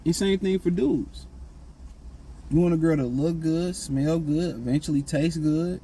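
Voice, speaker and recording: A man's voice: fairly high pitch, a little slow, dark tone, a little hiss or hum, rough recording. A man giving blunt, slangy dating and self-improvement advice in a casual, repetitive monologue.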